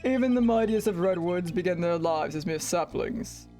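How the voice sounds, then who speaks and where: A woman voicing an arrogant masked male prosecutor in a deep, slow, theatrical voice. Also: animated, warm tone, soft background music, natural voice. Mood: smug.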